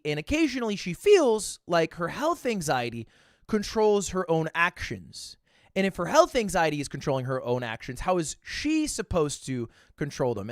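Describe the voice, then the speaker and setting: A man in his twenties, a streamer telling a story in casual chat, animated and swearing, with sudden bursts of loud laughter. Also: high-pitched, no echo, clean studio sound. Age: 20s.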